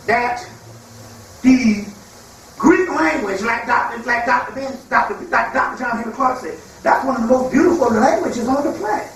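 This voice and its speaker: A man giving a freewheeling spiritual lecture, emphatic and profane, with mocking asides and quick put-on quotes. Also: very high voice, fairly bright tone, a little hiss or hum. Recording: echoey hall, far from mic.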